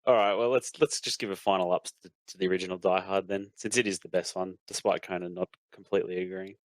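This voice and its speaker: A man's voice: deep voice, steady tone, fast talker, no room sound. A man hosting a casual film podcast, leading the topics and filling with "like". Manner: leads topics, leans on "like". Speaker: podcast host.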